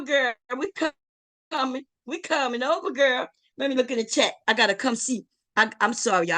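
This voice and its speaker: A middle-aged woman hosts a casual livestream, loud, teasing and profane as she talks straight to her chat. Her voice sits a little high for a woman. The sound is dry and close, with hardly any room around it. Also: no room sound. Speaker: livestream host.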